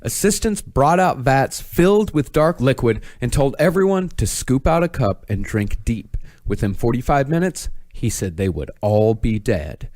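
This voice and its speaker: A man narrates a scripted true-crime story for a podcast. His pitch rises and falls a lot, and he keeps a measured, storytelling pace. The sound is dry and close, with no room echo. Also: very animated, darkish tone. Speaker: podcast host telling the story.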